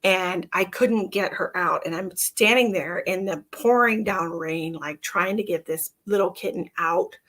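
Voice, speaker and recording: A woman's voice: a little slow, hardly any pauses, fairly bright tone. A middle-aged woman hosting a live psychic reading stream, chatting casually to viewers and sometimes cooing at her cat. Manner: chatty, breaks into high-pitched baby talk calling her cat. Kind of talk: casual livestream chat.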